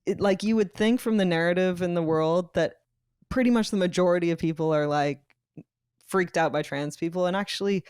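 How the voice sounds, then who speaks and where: A co-host on a comedy podcast who talks in a chatty, earnest way and laughs often. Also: female voice, lowish voice, fairly quick, a little mellow, clear, resonant tone, dry recording, studio quality. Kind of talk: casual comedic chat.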